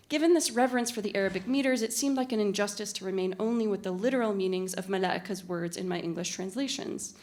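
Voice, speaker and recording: A woman delivers a conference talk as a literary translator. She reads from prepared text in a measured, articulate way, at an ordinary mid-range pitch, with the odd "uh" or "um" in between. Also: darkish tone. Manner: measured, articulate reading with occasional fillers. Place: university conference room.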